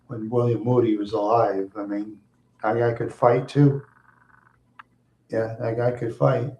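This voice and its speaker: A middle-aged man talks in a loose, rambling way, chuckling often as he drifts through asides. His voice is dark and mellow. The room around him is echoey. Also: mid-range voice, flat delivery, a little slow. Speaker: streamer answering viewers. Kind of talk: casual rambling chat.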